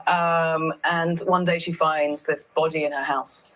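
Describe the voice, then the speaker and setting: A woman's voice: sits low, little pitch movement, measured pace, fairly bright tone, poor audio. A woman guest on a talk show, chatting and often restarting her sentences. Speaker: guest actor.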